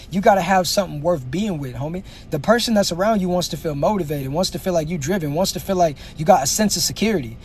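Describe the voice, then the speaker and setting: A man's voice: high voice, darkish tone, a little hiss or hum. A man hosting a comedy show, ranting in a slangy, casual way and calling the listener homie. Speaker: comedian host. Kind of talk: casual stand-up style rant.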